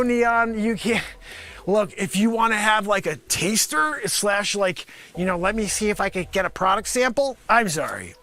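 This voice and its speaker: Brash, bright-voiced rambling comic salesman. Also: high voice. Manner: swings between mumbled asides and sudden shouted outbursts. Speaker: comedy show host pitching a mock product. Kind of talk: improvised comedy sketch, one-man parody pitch.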